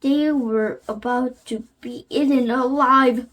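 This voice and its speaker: Reading a children's chapter book aloud for her channel, a high-voiced host whose native language is Korean goes slowly. She stops and starts over often, reading with care and hesitation.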